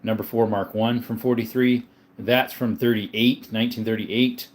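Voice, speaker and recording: A man's voice: mid-range voice, little pitch movement, normal speed. A man hosting a livestream, casually reading viewer comments aloud and answering their questions one by one in a laid-back way. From Arizona, US. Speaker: livestream host.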